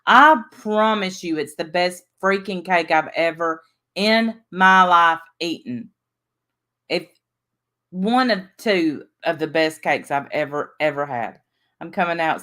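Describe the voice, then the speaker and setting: A woman's voice: on the low side, fairly bright tone. A woman hosting a casual livestream, chatting, reading out viewer names and laughing at herself. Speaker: livestream host.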